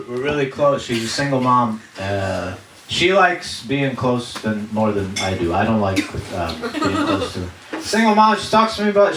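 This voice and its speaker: Male stand-up from Uzbekistan, bouncy delivery, crude asides, echoey distant live-venue sound. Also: mid-range voice. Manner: crude, animated storytelling with many asides. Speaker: stand-up comedian. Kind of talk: stand-up comedy set. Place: comedy stage before a live audience. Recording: echoey venue from far off, loud noise.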